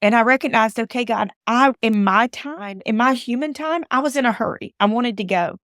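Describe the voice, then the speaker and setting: A woman's voice: fairly high pitch, normal speed, a bit bright, no echo, studio quality. A woman from Alabama giving a personal storytelling talk, emphatic and repeating phrases for emphasis. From Alabama, USA. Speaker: motivational speaker.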